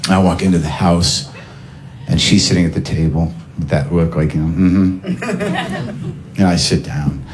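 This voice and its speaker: A man's voice: a little slow, pauses often, slight background noise. A man doing stand-up, telling a story and acting out the other people in it with big jumps in his voice. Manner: animated, acts out voices with big pitch jumps. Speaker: stand-up comedian. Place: comedy club stage with audience.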